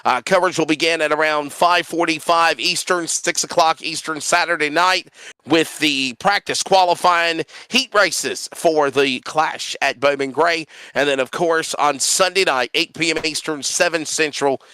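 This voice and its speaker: A man, a sim racing broadcaster wrapping up a race in animated, sing-song chat. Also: a little high, moderate pace, clean tone, dry recording.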